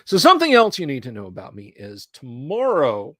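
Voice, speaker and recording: A man chats on his own stream, loose and rambling, often stopping mid-thought to pause and start over. His voice sits in an ordinary middle pitch. It is recorded dry and close, with almost no room sound. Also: wildly swooping pitch, bright, forceful tone, no echo. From Alabama, US South. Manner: rambling and conversational, with frequent pauses and restarts. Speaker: streamer host. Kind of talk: casual livestream chat. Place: home studio room.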